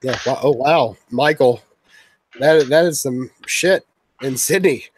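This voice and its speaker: A man's voice: mid-range voice, slow, breathy edge, rough recording. A man from the Louisville area hosting a casual stream chat, blunt and swearing freely. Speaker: stream host.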